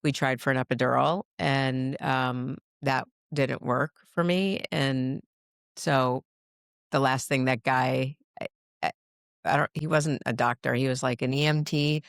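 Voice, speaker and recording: A woman's voice: very deep voice, fairly even intonation, unhurried, creaky, dry recording, clean studio sound. A middle-aged woman telling a family story in casual chat, rambling with restarts and frequent laughs. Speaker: guest, mother of the host. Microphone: podcast mic.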